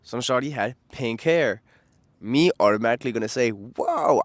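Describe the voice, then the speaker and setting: A man's voice: mid-range voice, normal speed, no echo. Slangy young New York man rambling. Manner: slangy, profane, excitable, loses track. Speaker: vlogger. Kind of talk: casual rambling monologue.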